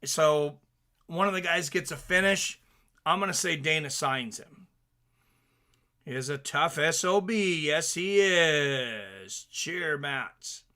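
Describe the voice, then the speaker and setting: A man hosting a casual fight watch-along stream, chatting excitedly and reading viewer comments aloud. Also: fairly high pitch, slow.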